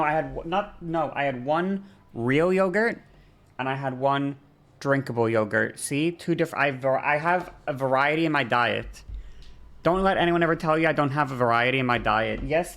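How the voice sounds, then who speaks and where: A woman streaming a game, chatting casually with her viewers and ranting with heavy swearing and frequent restarts. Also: low-pitched. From not American. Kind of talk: casual chat while gaming on stream.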